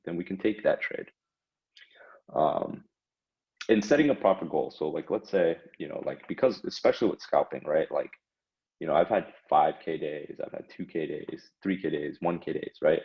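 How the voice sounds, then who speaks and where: A man's voice: extremely low pitch, gravelly. A man giving casual instructional talk about trading, conversational, with frequent fillers and tag questions like "right?" and "okay?". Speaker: trading educator. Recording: dull lo-fi recording.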